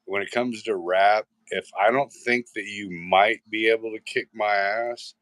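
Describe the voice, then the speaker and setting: Low-voiced rambling, profane man. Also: fairly even intonation, measured pace, a bit bright, no echo. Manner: rambling, profane, restarts often. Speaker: host. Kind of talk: casual live-show chat.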